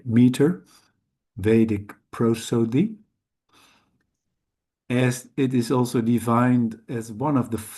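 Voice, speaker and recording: A man whose first language is Dutch, teaching Sanskrit letters in a slow, careful lesson, hesitant and correcting himself often. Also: mid-range voice, dark tone. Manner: hesitant, halting, with frequent self-corrections.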